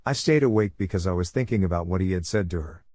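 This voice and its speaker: A man narrating a first-person horror story in a measured, brooding way. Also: sits low, warm tone, no echo.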